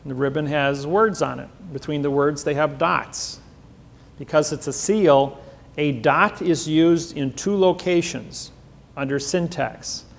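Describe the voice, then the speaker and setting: A man giving a seminar lecture, telling courtroom stories and acting out the exchanges with a raised voice, self-assured with halting restarts. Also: on the high side, gravelly. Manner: storytelling, acts out quoted exchanges with raised voice.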